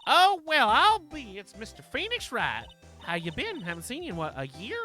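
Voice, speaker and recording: Man playing Southern woman, brash, excitable, folksy, high-pitched, bouncy. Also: moderate pace, faint music behind, heavily acted. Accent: American Southern.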